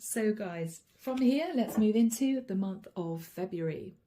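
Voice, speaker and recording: Mellow-voiced woman giving a tarot reading. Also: mid-range voice, lively intonation. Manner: chatty, addresses viewers directly, slows to name cards. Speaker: tarot reader. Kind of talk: channeled tarot reading to viewers.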